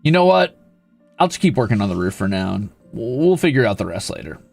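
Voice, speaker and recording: Male streamer, casual chat, cheeky and mock-boastful, lively pitch with a gravelly edge. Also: fast talker, dry recording, faint music behind. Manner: playful, teasing, mock-boastful. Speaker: VTuber streamer.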